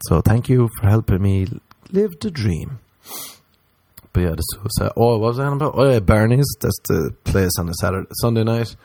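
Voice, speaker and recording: A man from Ireland with a Cork accent, telling comic stories in a rambling, animated chat full of crude humor and tangents. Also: lowish voice, normal speed. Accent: Irish, Cork.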